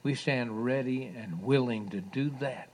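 Male pastor giving a sermon, unhurried, emphatic rises and quiet falls. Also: mid-range voice. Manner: emphatic, with sudden loud raised passages and soft drops. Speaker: preacher.

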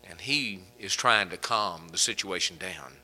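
A man's voice: low-pitched, unhurried, pushed and bright, low-quality recording. A man preaching a sermon as pastor, folksy and conversational, chuckling between points.

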